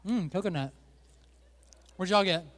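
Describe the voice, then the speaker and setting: High-voiced joking pastor, a man. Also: unhurried, a bit bright, long reverb tail. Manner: joking, chatty, teasing the volunteers. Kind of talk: playful sermon with a stage game. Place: church stage.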